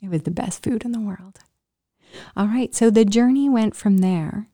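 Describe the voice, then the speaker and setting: A middle-aged woman tells her own story straight to camera with plenty of life, laughing often and sinking into a whisper to drive a point home. Her voice is dark and mellow rather than bright, and she sounds at ease the whole time. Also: mid-range voice, moderate pace. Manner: animated, laughing, drops into whispers for emphasis. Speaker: vlogger. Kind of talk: personal storytelling vlog.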